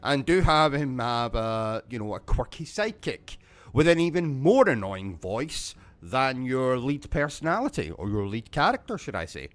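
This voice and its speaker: A man's voice: mid-range voice, sing-song, moderate pace. A British man hosting a gaming livestream, delivering a rambling, sarcastic mock-serious monologue. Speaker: gaming YouTuber host.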